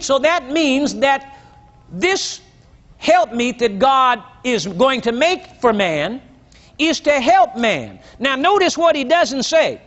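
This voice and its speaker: An older man preaching a sermon, reading scripture slowly and with emphasis and asking his congregation questions, on a dull lo-fi recording. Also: very high voice, big pitch swings, a bit bright. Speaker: pastor.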